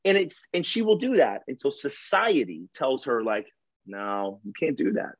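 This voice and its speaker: Guest, man in his 30s, husky voice, lively up-and-down delivery, dry room. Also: mid-range voice, moderate pace, no room sound, poor audio. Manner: animated, acts out quotes in lively voices. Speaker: podcast guest, firefighter. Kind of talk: casual interview chat.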